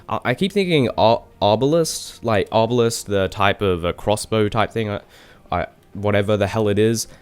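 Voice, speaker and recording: A young man from Australia casts a game replay on his own, chatty and quick to poke fun at himself. His voice sits fairly low. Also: smooth. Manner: chatty, self-deprecating asides. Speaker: esports caster. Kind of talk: solo game commentary.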